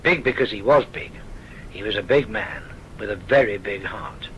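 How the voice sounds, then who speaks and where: A man's voice: fairly low pitch, moderate pace, a bit bright, a little hiss or hum, poor audio. Older southern English man reminiscing wryly. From south of England. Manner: genteel, wry storytelling. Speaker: oral history narrator. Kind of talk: recorded reminiscence.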